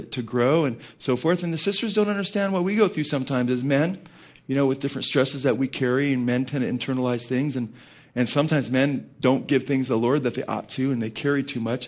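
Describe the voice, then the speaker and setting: A middle-aged man preaching a sermon as pastor, conversational and rambling, full of fillers and asides. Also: mid-range voice.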